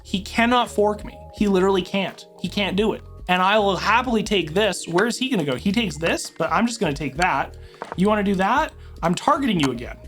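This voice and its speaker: A woman's voice: mid-range voice, expressive, fairly quick, faint music behind. A woman commentating her own online chess game as she plays, thinking aloud move by move with dramatic outbursts. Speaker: chess streamer. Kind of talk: live commentary while playing online chess.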